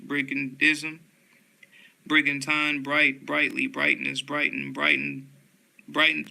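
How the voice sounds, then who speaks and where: A man reading dictionary entries aloud one word at a time, with flat, unhurried delivery and occasional stumbles. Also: fairly high pitch, gravelly, rough recording.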